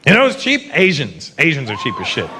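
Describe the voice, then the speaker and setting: A man doing a stand-up comedy routine on a live stage, animated and slipping into mocking impressions. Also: a little high, fairly quick. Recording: live show with loud audience and noise.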